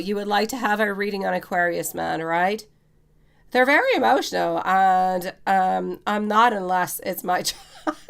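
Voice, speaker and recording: Gravelly woman tarot reader. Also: medium pitch. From Quebec, Canada. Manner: chatty, keeps calling viewers sweetie. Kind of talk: live-stream tarot reading chat.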